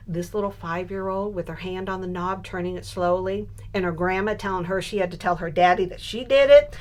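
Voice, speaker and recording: A woman in her sixties telling a funny family story in a casual, animated way while she works on a scrapbook page. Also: fairly low pitch, a little fast, few pauses. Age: 60s. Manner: animated storyteller who builds to punchlines. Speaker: scrapbooking crafter.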